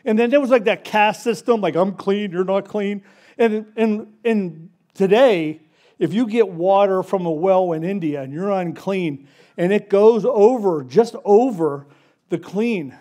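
Animated high-voiced preacher. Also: male voice, a little slow. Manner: casual, animated storytelling with acted-out voices. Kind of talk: conversational sermon.

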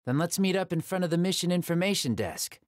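A woman's voice: on the low side, animated, quick pace, dry recording, clean studio sound, close to an everyday voice. A woman voicing a laid-back, sardonic teenage boy ninja in a game cutscene, blunt and unbothered. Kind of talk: video game cutscene dub.

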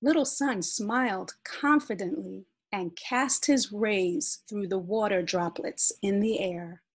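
A woman reading a children's picture book aloud in a gentle, expressive way. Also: medium pitch, slow pace, slightly rough. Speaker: storyteller.

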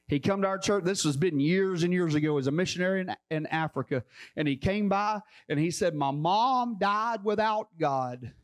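Fervent high-voiced preacher man. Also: brisk. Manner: fervent, repetitive preaching, rising to shouts. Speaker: pastor. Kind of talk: sermon.

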